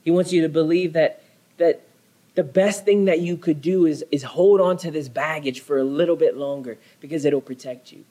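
A pastor delivers a sermon, telling his story earnestly and dramatically and leaning on repeated phrases for emphasis. His voice is a touch higher than most men's. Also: moderate pace, mellow, poor audio. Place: church.

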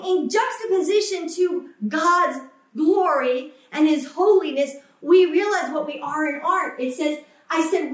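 A woman with a high voice delivers a fervent sermon, acting out the voices of the people she quotes and driving points home through repetition. She is picked up from some way off the mic, and the room echoes around her. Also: far from the mic. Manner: impassioned, acts out quoted voices, emphatic repetition. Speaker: preacher.

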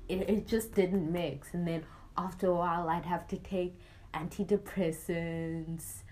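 Young woman, lowish voice, animated personal storyteller who acts out the dialogue and laughs easily. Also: measured pace. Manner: animated, acts out quoted exchanges, laughs often. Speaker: guest.

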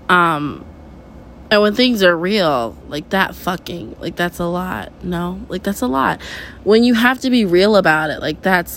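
A woman's voice: mid-range voice, expressive, moderate pace, a bit bright, a little hiss or hum. A young woman hosting a casual podcast from her kitchen at home, venting in a rambling, emotional way and swearing constantly. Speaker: podcast host.

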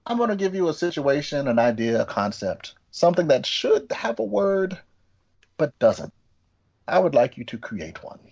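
A man's voice: on the high side, very animated, moderate pace, gravelly, a little mellow. Playful guy running a podcast quiz game, voice bounces around a lot, kinda muffled audio. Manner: playful, quizzing and explaining rules. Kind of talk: casual comedy podcast banter.

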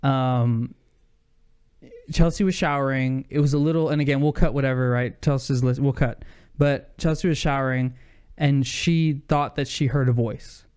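A young man telling a heated story in casual chat on a podcast, animated and saying "dude" a lot. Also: medium pitch, moderate pace, clean tone.

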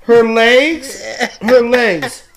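A man co-hosting a podcast, chatting casually while reacting to videos, excitable, laughing often and swearing freely. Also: very high voice, extremely slow. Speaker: podcast co-host.

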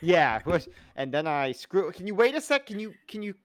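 A man co-hosting a casual podcast, rambling and joking, often slipping into loud comic impressions. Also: sits high, big pitch swings, brisk, no room sound. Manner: rambling, jokey, slips into loud comic voices. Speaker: podcast co-host. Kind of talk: casual chat reviewing a TV show.

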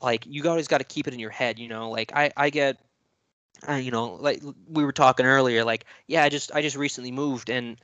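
Dude rambling thru a story, swears a ton, dry close sound. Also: male voice, medium pitch, steady tone, fairly quick, a bit bright, no room sound. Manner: rambling, profane, lots of fillers. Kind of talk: casual storytelling chat.

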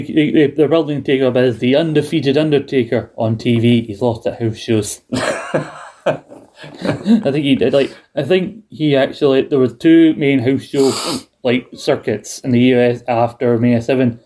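A man's voice: medium pitch, steady tone, moderate pace, dark tone. A British man in his thirties co-hosting a podcast, talking in a rambling way with many restarts. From United Kingdom. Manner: rambling, hesitant, restarts a lot. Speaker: podcast co-host. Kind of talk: casual chat.

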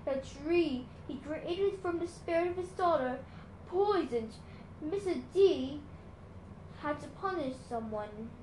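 A kindly older centaur teacher, grave and gentle, with measured, solemn speech, as a woman reading a storybook puts him on. The voice sits fairly high and sounds roomy, with a faint hiss behind it. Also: lively intonation.

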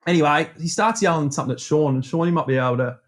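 An Australian man co-hosting a casual podcast chat, spinning long anecdotes with a lively, self-mocking streak. His voice sits a little high for a man. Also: very fast. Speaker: podcast co-host.

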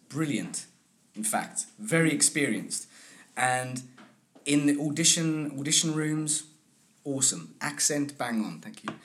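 A man speaking in an easygoing interview, his voice sitting in a middle register. He tells his stories with animation, slipping into the voices of the people he quotes. He circles back on his own phrases as he builds each point. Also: mid-range voice. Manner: animated storyteller who acts out quoted people. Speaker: accent and dialect coach, guest. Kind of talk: conversational interview.

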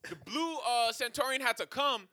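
A man co-hosting a podcast, telling stories in casual comedic chat, animated and profane, laughing often. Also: extremely high pitch, normal speed, dry recording, studio quality. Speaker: podcast co-host.

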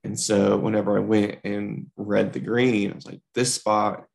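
A man's voice: lowish voice, completely flat delivery, moderate pace, gravelly, a little mellow. A young man co-hosting a podcast, casually telling a rambling workplace story with lots of fillers. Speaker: podcast co-host.

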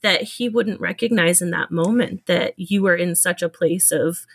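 A woman hosting a podcast interview. She responds with quick, affirming backchannels and asks gentle questions. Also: on the low side, vocal fry, slightly rough. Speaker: podcast host. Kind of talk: empathetic interview.

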